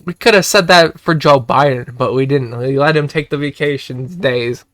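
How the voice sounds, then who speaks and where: A man's voice: mid-range voice, moderate pace, no room sound, studio quality. A young man streaming, ranting casually to his chat, repeating himself and swearing when he gets worked up. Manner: excitable, repetitive, swears and shouts when worked up. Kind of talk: casual political rant to chat.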